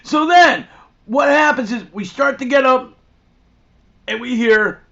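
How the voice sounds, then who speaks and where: A man hosting and telling a rambling, profane, animated anecdote in a crude comic style. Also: very high-pitched, measured pace. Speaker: host. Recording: dull lo-fi recording.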